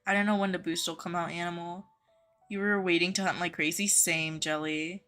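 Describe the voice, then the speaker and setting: A woman's voice: lowish voice, steady tone, fairly quick, fairly bright tone, faint music behind. A young woman live-streaming a game from her home office, reading viewer comments aloud and greeting chatters by name in a friendly, chatty way.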